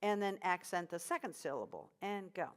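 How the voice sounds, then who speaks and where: A woman leading a choir rehearsal as vocal coach, giving encouraging instructions between high sung drills. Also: lively intonation, normal speed.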